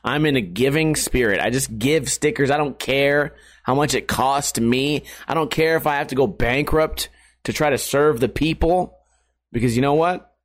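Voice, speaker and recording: A man's voice: mid-range voice, normal speed. A man hosting a podcast in a crude, rambling, jokey comedic monologue. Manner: crude, rambling, jokey, puts on silly voices. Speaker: podcast host.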